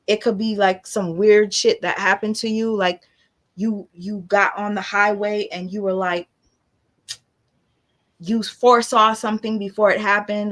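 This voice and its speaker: A woman's voice: mid-range voice, a bit bright. A young woman, chatting casually and emphatically on a livestream as an artist, with motivational asides.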